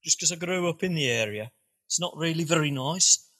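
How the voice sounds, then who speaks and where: A man's voice: a little high, expressive, fairly quick, bright, forceful tone, rough recording. A man from Birmingham, England, co-hosting a podcast in dry, teasing casual chat. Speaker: podcast co-host.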